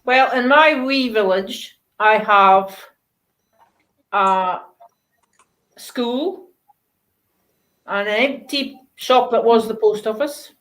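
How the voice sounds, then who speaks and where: A woman's voice: a little high, very slow, pauses often, a bit bright, poor audio. A woman on a colouring video call, giving dry, short replies. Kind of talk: casual chat on a video call.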